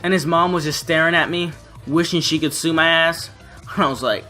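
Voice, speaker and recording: A man's voice: a little high, steady tone, fairly quick, bright, forceful tone, faint music behind. A young man telling a story on his vlog in a brash, profane way. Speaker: vlogger.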